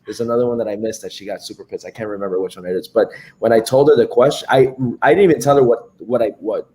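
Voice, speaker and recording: Male podcast guest, low-pitched, casual storyteller who mimics others, quiet home recording. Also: fast talker. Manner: storytelling, acts out quoted dialogue. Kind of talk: casual chat.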